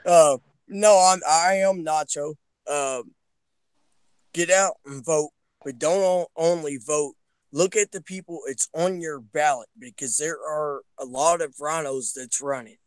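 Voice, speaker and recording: A man speaking as a guest in a political chat, his voice slightly high. The sound is dry and close, and he urges his listeners earnestly, often starting his sentences over. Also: unhurried, clear, resonant tone, no echo. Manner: earnest, urging, restarts often.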